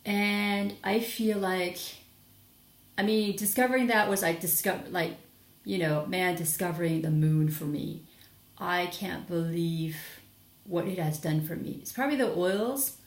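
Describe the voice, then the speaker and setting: A woman's voice: lowish voice, reverberant. A young adult woman chatting casually in a rambling product review vlog, sleepy and full of fillers and restarts. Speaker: vlogger.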